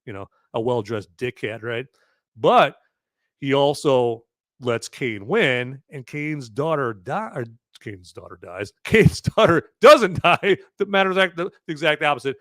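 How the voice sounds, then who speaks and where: A man rambles through a live movie-review podcast, joking and cursing as he goes. His pitch leaps around, and the close recording is dry with no room sound. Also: no room sound. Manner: rambling, animated, jokey, swears. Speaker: podcast host reviewing a film. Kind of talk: casual live-stream chat.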